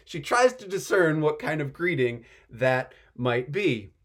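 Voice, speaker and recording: A male pastor gives a conversational sermon with lots of energy, often stopping to say "like" and swinging from hushed to eager. His pitch moves all over the place, dipping low and then rising quickly. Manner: animated, chatty, excitable, uses filler "like".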